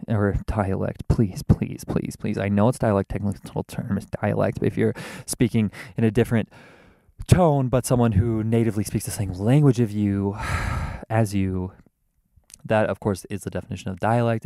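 A man hosting a podcast from inside his car, rambling and wordy in a casual monologue, mocking himself and now and then leaping into a theatrical high voice. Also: creaky, warm tone, no echo. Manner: rambling, wordy and self-mocking, with sudden theatrical jumps in pitch. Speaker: podcast host. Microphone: podcast microphone.

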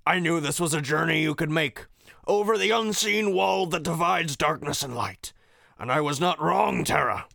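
A man putting on a gravelly old villain. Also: fairly high pitch, pushed and bright, dry recording, clean studio sound, voice pushed up, full character voice. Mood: smug. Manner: slow, grandiose and sinister delivery. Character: old male scheming villain, smug and menacing. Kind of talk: reading a game scene aloud.

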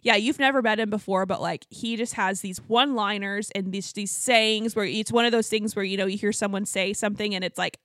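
Bright-voiced chatty woman telling a story. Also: mid-range voice, no room sound. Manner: animated, fast, lots of "like" fillers. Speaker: podcast co-host. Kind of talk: casual storytelling chat.

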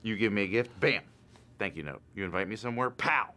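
A competitively polite husband in a comedy skit, with punchy, mock-stern delivery. His pitch swings widely, and faint room sound sits underneath. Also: lively intonation, a little fast, sharp tone, a little hiss or hum. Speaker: actor in a comedy sketch.

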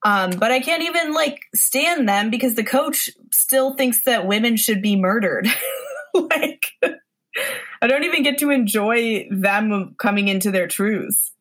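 A woman's voice: fairly high pitch, animated, unhurried, fairly bright tone. A woman co-hosting a podcast, chatting casually about a bad movie with sarcastic disbelief and lots of "like" fillers. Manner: sarcastic, incredulous, many "like" fillers. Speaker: podcast co-host. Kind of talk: casual movie review chat.

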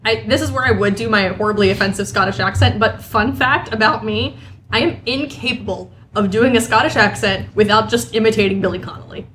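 A woman's voice: mid-range voice, brisk, a bit bright, slight background noise. A woman hosting a casual podcast. She chats and explains at length and laughs often. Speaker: podcast host. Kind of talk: casual comedic chat.

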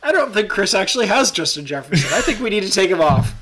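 A man with a fairly high, bright voice trades jokes in relaxed podcast chat. His delivery is playful and ribbing, and he keeps things loose and easygoing. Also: fast. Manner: teasing, jokey. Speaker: podcast co-host. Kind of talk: casual chat.

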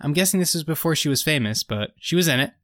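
A man's voice: on the high side, quick pace, no room sound. Joking man recapping a sitcom, dry close sound. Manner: animated, joking, retells scenes with quoted voices. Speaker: podcast co-host. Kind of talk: casual chat recapping a TV episode.

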